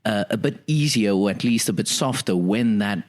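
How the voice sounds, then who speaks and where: Low-voiced earnest male co-host. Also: lively intonation, normal speed. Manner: rambling, earnest, mock-formal customer service. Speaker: podcast co-host. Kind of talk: casual comedic role-play and banter.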